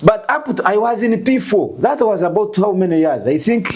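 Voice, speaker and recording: A Ugandan man telling a story in an interview, animated and full of rhetorical questions. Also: high voice, normal speed, slight background noise. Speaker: guest.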